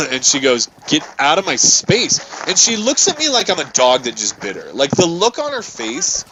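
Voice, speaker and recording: Man, lively swinging pitch, casual gaming chat, swears a lot, restarts sentences. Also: moderate pace, a little hiss or hum, rough recording. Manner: animated, swearing, tells an angry story with many restarts. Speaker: gaming channel host. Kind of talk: casual storytelling over gameplay.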